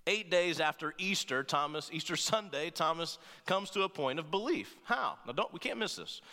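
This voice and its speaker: A man preaching with a fairly high, bright, forceful voice. He keeps it conversational, tossing in quick "right?" check-ins and playful asides. His voice rings out with the long reverb of a large hall. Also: expressive. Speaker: pastor. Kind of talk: sermon.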